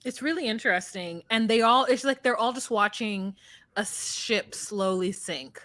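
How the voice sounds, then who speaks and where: A woman's voice: moderate pace, no echo. A woman co-hosting a casual recap chat, telling the story animatedly and acting out quotes. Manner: animated storyteller, acts out quotes in high voices. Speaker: podcast co-host.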